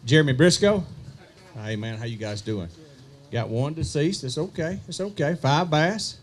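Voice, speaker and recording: A man emceeing an outdoor fishing tournament weigh-in, joking with anglers and calling out weights slowly. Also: fairly high pitch, animated. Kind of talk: live weigh-in announcing with banter.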